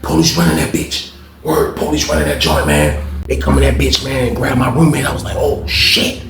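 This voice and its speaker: A man telling a story in a casual, slangy, animated way. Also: medium pitch, fairly quick, noisy background. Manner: animated, slangy, acts out quoted voices. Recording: roomy echo.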